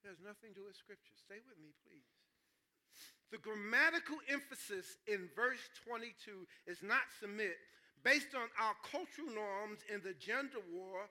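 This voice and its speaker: A man preaches in church, his tone high and bright. He is animated and joking, and he keeps checking in with the congregation as he teaches from the scripture. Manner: animated, jokes with the congregation, calls out "stay with me". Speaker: pastor. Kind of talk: sermon.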